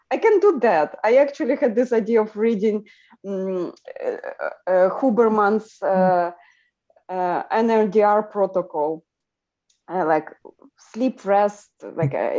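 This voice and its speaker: A woman hosting a livestream chat, talking in an animated way with lots of fillers and restarts. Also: medium pitch, lo-fi sound. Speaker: livestream host. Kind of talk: casual group chat on a livestream.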